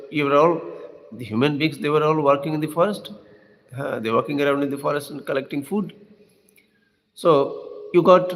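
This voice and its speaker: Gravelly man giving a rambling spiritual talk. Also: fairly high pitch. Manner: rambling and conversational, with rhetorical questions, tag "hmm?" and soft chuckles. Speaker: spiritual teacher. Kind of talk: unscripted spiritual discourse. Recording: long hall reverb.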